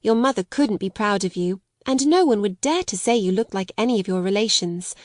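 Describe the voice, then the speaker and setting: A woman reading an audiobook, voicing an earnest, gentle and polite young girl who speaks eagerly and tenderly. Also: mid-range voice, a little fast, no room sound, clean studio sound, lightly acted. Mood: musing.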